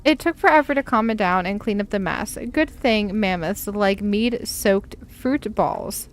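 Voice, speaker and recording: A woman's voice: mid-range voice, a little slow, lightly acted. A woman voicing a cheerful, hot-tempered young Nord woman in a letter from a fantasy game. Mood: exasperated. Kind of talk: reading a game letter aloud.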